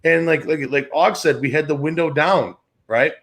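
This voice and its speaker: A man's voice: on the high side, normal speed, fairly bright tone. A man in his thirties from the Chicago area, hosting a sports talk show and telling rambling, profane stories in which he acts out the other voices. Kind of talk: casual podcast storytelling.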